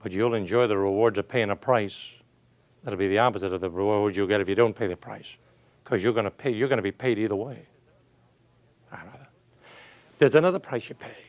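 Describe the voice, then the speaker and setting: Speaking quickly in a lowish voice, a male motivational speaker delivers homespun encouragement. His talk is emphatic and full of stories and rhetorical questions.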